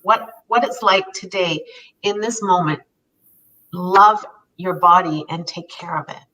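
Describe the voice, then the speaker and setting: A woman's voice: on the low side, measured pace, pushed and bright, distant mic, a little hiss or hum, poor audio. A woman in her fifties, co-hosting a casual talk and telling stories in an earnest, emphatic way. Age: 50s. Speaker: co-host. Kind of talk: casual conversation about self-care.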